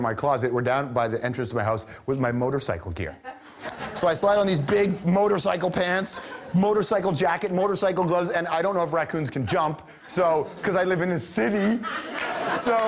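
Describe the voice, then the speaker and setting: A man hosting a TV talk show, telling a comic story about himself in an animated, self-mocking way with quick asides. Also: a little high.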